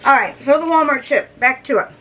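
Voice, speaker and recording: Tasting snacks for her video channel, a middle-aged woman chats casually and hums and chews between bites. She speaks a little fast in a high, sharp voice. The distant mic picks up faint background noise.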